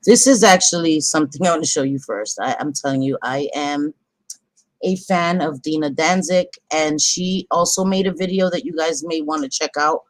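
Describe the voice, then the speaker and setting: A woman's voice: low-pitched, moderate pace, no room sound. Chatty woman livestreamer, dry sound. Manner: chatty, apologetic, easily interrupted. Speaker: livestream host. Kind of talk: casual live commentary.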